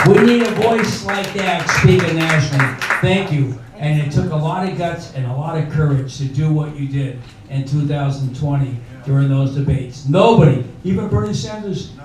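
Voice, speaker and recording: Older man, rambling emcee, slightly high voice, far from the mic over a crowd. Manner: rambling, chatty, many fillers. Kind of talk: live event hosting. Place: indoor bar venue. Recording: echoey room from far off with crowd noise.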